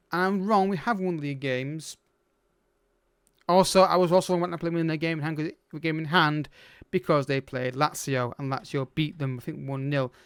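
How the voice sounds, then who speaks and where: A man's voice: on the high side, clean tone, no room sound, clean studio sound. A man commentating his own game as a let's play host, exasperated and urgent, calling out to the players.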